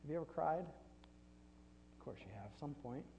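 A man's voice: fairly high pitch, expressive, moderate pace, creaky, warm tone, dull audio, slight background noise. A man preaching a sermon in a conversational, joking way, with laughs between points. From Flint, Michigan. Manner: conversational, self-deprecating with laughs. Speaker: pastor. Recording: long reverb in a large hall.

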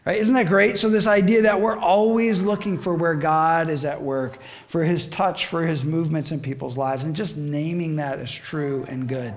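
A man delivers a lively sermon with a bright, high-pitched voice. He talks with the congregation, pausing to ask them questions and breaking into acted-out voices when he tells stories. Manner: animated, asks the audience questions, acts out voices in stories. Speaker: preacher.

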